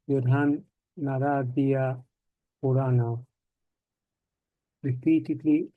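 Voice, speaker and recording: A man reading a scripture commentary aloud in a measured way. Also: medium pitch, warm tone, no room sound. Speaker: student reader. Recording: dry, dull lo-fi sound.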